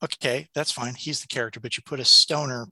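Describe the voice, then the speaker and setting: Middle-aged man, casual podcast co-host, animated storyteller with a very bright, dry close sound. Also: mid-range voice, fast, no room sound. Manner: animated storyteller, laughs often, acts out quotes. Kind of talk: casual chat.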